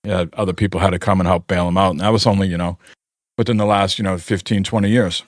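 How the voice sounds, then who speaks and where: This co-host talks fast in a low, fairly even voice, recorded with studio clarity and no echo. His casual podcast chat drifts into long, meandering stories full of filler words.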